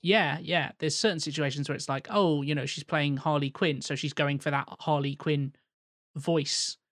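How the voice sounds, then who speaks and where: A man's voice: on the high side, fairly even intonation, normal speed, fairly bright tone, dry recording, studio quality. A man co-hosting a podcast in casual chat, talking in a thoughtful, winding way.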